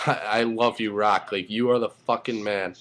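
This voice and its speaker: A man giving an excited, profane, rambling casual review as a wrestling fan, full of fillers. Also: on the low side, a little slow, rough recording.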